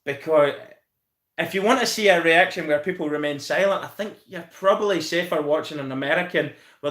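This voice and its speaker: A Scottish man talks on a live stream with a somewhat high voice, rambling along excitably and cursing as he goes. His voice carries a roomy echo. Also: a little fast. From Scotland. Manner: excitable, rambling, swears freely. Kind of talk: casual live-stream chat.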